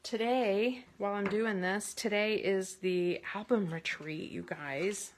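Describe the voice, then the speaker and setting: A woman hosting a casual card-making tutorial from her craft space, chatty and rambling, with bursts of excitement. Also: medium pitch, slow pace, few pauses, a little hiss or hum.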